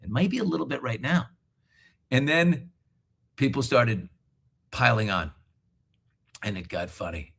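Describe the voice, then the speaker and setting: Lively, bright-voiced male host. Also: medium pitch, measured pace, vocal fry, pauses often, breathy edge. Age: middle-aged. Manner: jokey, animated, laughs a lot. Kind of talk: casual live show chat. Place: hotel room.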